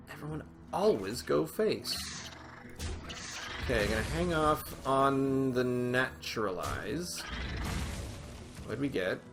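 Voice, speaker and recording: Rambling, excitable man narrating gameplay. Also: mid-range voice. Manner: chatty and rambling, with sudden excited exclamations. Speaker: gaming channel host. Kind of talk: casual commentary while playing a card game. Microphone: desk microphone with webcam.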